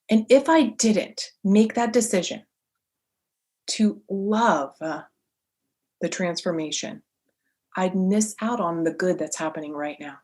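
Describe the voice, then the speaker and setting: A woman in her forties hosting a solo motivational podcast as a coach, talking in an animated, emphatic way with a lively inflection. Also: lowish voice.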